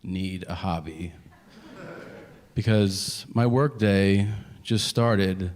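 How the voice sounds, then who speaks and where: A man in his thirties doing a stand-up comedy set, telling animated stories and acting out both sides of each conversation. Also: low-pitched, drawn-out words. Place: comedy venue stage with audience laughter. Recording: live stage audio with audible background noise.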